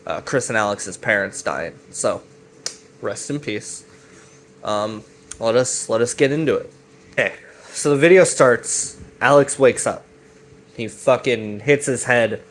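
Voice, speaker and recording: Casual profane man rambling a recap. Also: mid-range voice. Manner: rambling, profane, acts out quoted lines. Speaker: commentator recapping a web series.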